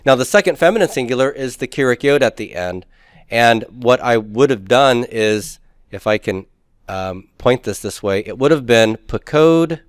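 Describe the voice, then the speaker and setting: A man's voice: medium pitch, no room sound, clean studio sound. A man teaching a recorded grammar lecture, explaining step by step and putting questions to the class, with folksy asides.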